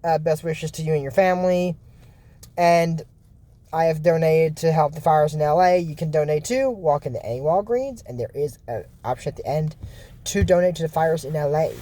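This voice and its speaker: Male YouTuber host, mellow tone, casual rambling delivery with restarts. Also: on the high side, no echo. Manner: loose, meandering retelling with frequent restarts. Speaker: YouTuber recapping cartoon episodes.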